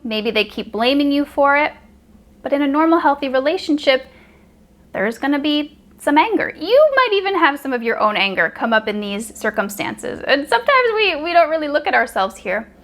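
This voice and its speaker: A woman relationship coach talking straight to camera, calmly explaining, now and then acting out example lines. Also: high-pitched. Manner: calm, explanatory, acts out example dialogue. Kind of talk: direct-to-camera advice talk.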